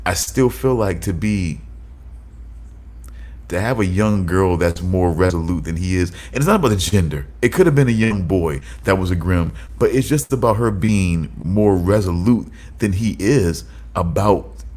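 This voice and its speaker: A man's voice: sits low, moderate pace, darkish tone. A man co-hosting a casual podcast chat, thinking aloud and circling back through restarts as he works out his point. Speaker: podcast co-host.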